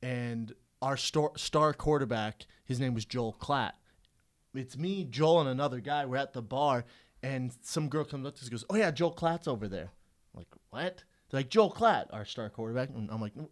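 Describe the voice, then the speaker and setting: A man co-hosting a podcast, telling an animated story in casual chat and acting out the quotes. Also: mid-range voice, normal speed. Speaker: podcast co-host.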